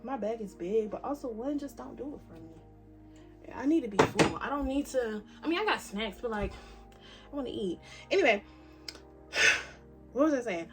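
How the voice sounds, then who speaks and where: Early-twenties woman, chatty vlogger talking to camera, lively swings between loud and soft, light music behind. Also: fairly high pitch, moderate pace. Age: 20s. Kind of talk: casual chat to camera. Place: cabin.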